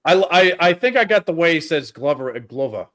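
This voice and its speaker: A man's voice: sits high, expressive, fast talker, a bit bright. A man hosting a film review podcast, chatting casually in a rambling way with plenty of fillers. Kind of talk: casual chat.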